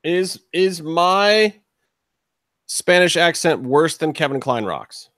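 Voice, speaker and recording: A man's voice: on the high side, animated, slow pace, fairly bright tone, no room sound, clean studio sound. A man co-hosting a wrestling podcast, laughing and teasing the others. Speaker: podcast co-host. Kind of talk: casual banter.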